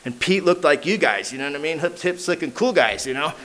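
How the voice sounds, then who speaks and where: Southern california guy telling his recovery story at a meeting, kinda high voice, lots of "man" and "dude". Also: lively intonation, brisk. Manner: street slang, lots of "man" and "you know what I mean"; acts out voices with big jumps in pitch and loudness. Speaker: AA meeting speaker.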